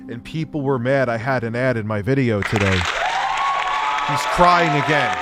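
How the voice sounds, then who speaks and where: A man's voice: mid-range voice, normal speed, over music, a crowd in the background. A man giving a sarcastic, profane reaction commentary, ranting in disbelief. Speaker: commentary youtuber.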